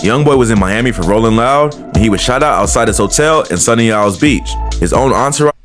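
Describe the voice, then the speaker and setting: Guy narrating a doc, quick and matter-of-fact, music under him. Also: mid-range voice, expressive, fairly bright tone. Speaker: documentary narrator. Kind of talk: scripted narration.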